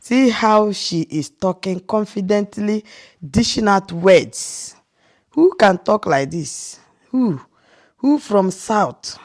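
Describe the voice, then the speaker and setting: Nigerian woman vlogger, unhurried and disbelieving, asks rhetorical questions, mid-range voice. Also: mid-range voice, expressive, darkish tone. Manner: incredulous, rhetorical, with frequent restarts and laughs. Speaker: vlogger reacting to a clip. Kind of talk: casual reaction commentary.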